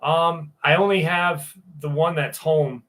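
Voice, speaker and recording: A man in his forties chats unhurriedly through a casual livestream, answering viewers one by one. His voice sits a little high, and he rambles with blunt, crude candor. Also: steady tone, slow, a bit bright. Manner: rambling, candid, crude humor. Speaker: livestream host.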